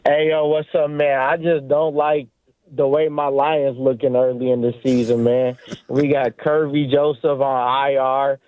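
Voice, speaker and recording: A man's voice: mid-range voice, flat delivery, measured pace, no room sound. A man calling in to a sports radio show, talking casually in slang and arguing back with the host. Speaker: caller. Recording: dry tinny phone line.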